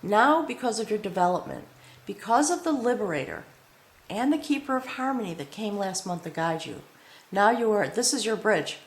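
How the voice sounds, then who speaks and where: A woman's voice: mid-range voice, expressive, normal speed. A woman giving a spiritual tarot reading to camera in an earnest manner, often checking in with the viewer. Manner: earnest, addresses the viewer with frequent "okay?". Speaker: tarot reader. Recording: roomy echo.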